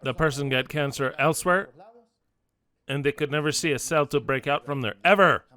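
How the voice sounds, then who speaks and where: Male preacher, emphatic sermon, bright forceful tone, clear smooth voice. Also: on the high side, normal speed. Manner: emphatic, repetitive, lively storytelling.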